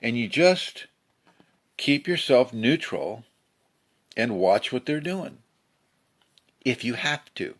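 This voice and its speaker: Animated man with a lively voice. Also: medium pitch, slow, pauses often. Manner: animated, acts out angry people with sudden shouts. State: slightly hoarse. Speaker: spiritual teacher. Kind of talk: casual spiritual talk. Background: a pet bird fluttering.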